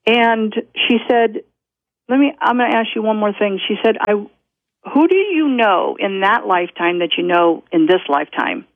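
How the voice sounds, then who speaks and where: A woman's voice: mid-range voice, expressive, normal speed, dry recording. A woman guest telling a personal story in a rambling, self-interrupting way, often breaking into laughter. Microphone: telephone. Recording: tinny phone line.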